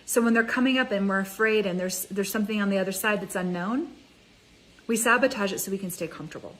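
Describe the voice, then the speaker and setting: A woman life coach giving an energetic, conversational motivational talk, speaking straight to her viewers. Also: mid-range voice, fast, low-quality recording. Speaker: mind ascension coach.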